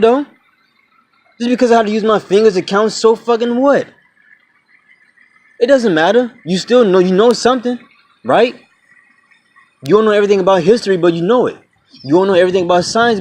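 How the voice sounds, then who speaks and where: High-voiced young man ranting bluntly. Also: a little mellow. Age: 20s. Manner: blunt, preachy, swears freely, calls viewers "y'all" and "man". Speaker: vlogger. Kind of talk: casual rant to camera.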